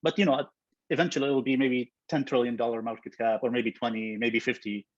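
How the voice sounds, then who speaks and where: A man, a software co-founder, talking in a casual interview, thoughtful and full of fillers and restarts. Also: mid-range voice, steady tone, a little fast, no room sound, highs cut off.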